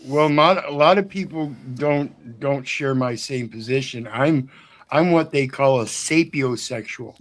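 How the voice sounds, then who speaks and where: A man's voice: mid-range voice, a little slow. A man joining a casual online chat, explaining himself earnestly.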